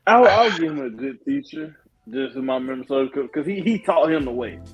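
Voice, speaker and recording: A man's voice: medium pitch, expressive, brisk, highs cut off. A man in a casual podcast chat who stammers his way into his points.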